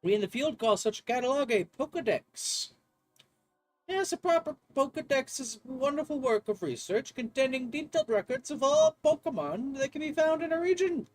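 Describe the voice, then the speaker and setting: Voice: high voice, big pitch swings, moderate pace, pitched above the performer's own voice. A player reads game dialogue aloud in a put-on voice as a genteel, chatty male professor with polite old-fashioned phrasing. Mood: enthusiastic. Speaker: gaming video creator.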